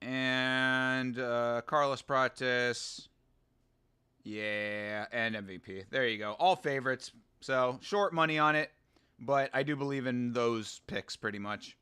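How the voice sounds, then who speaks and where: A man hosting a casual fight watch-along, excitable and jokey. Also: mid-range voice, slow, clear, resonant tone. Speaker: host.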